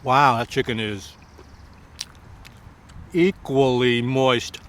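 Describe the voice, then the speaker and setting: A man giving a casual food review to camera, effusive and full of drawn-out exclamations, with halting restarts between bites. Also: medium pitch, fairly even intonation, fairly bright tone, a little hiss or hum. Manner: effusive, many drawn-out exclamations while tasting. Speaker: food vlogger.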